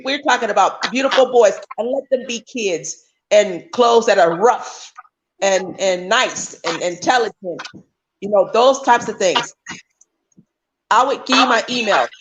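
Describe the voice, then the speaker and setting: A woman's voice: a little high, slight background noise, rough recording. A woman talking on a livestream call as a guest, emphatic and often restarting her sentences. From United States. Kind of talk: casual chat.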